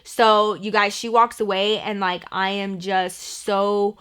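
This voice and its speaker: A young woman vlogger telling a personal story in a chatty, animated way, full of "like" fillers. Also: mid-range voice, takes it slowly, clear, resonant tone. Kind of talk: storytime vlog narration.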